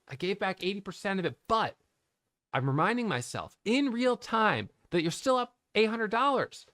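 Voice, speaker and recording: Middle-aged male trading educator, gravelly bright voice, candid and self-questioning, dry close sound. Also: mid-range voice, no echo. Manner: candid, self-questioning, thinking aloud with restarts. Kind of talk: reflective trading recap to camera.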